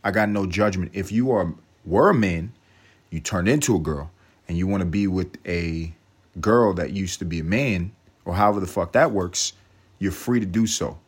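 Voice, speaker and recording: A man's voice: low-pitched, normal speed, husky. A man, from Harlem, hosting a podcast with a brash, profane, rambling comic monologue. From Harlem, New York. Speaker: podcast host. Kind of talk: comedic monologue.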